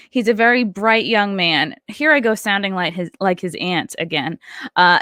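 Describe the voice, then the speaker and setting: A woman's voice: mid-range voice, a bit bright, dry recording, clean studio sound. A woman hosting her podcast and doing stand-up, chatting casually and reading sponsor ads, a little out of breath and laughing at her own slips. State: a bit out of breath. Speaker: podcast host and stand-up comedian.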